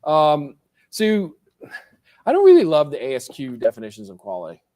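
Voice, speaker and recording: A man's voice: a little high, wildly swooping pitch, normal speed, mellow. Middle-aged man as a professor, lecturing loosely, tossing questions to the class. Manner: casual, joking, asks the class questions.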